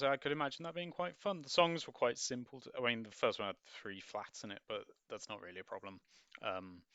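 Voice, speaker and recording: Musing out loud and fixing his own words as he goes, a man reviews a children's play script in a loose, rambling way, as a book reviewer would. His mid-range voice has a fairly bright, clean tone. The audio is dry, dull, and lo-fi.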